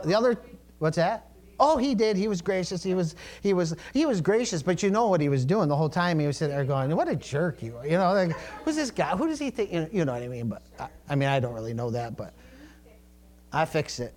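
Middle-aged male pastor, relaxed storytelling preacher, voice a touch high. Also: a little fast. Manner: conversational storytelling preaching with asides. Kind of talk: sermon.

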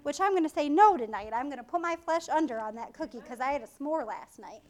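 A woman preaching a sermon in an animated way, acting out voices and laughing often. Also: high-pitched, quick pace.

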